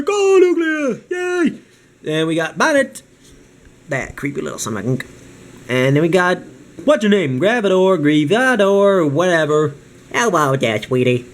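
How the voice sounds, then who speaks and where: A man's voice: a little high, echoey room, a little hiss or hum. A man vlogging a toy review, rambling and ranting from one topic to the next.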